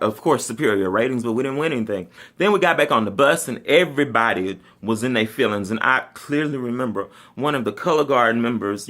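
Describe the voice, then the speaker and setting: In a mid-range voice, a man tells a funny personal story in a casual, sassy manner. He laughs often and swings between loud outbursts and quiet asides.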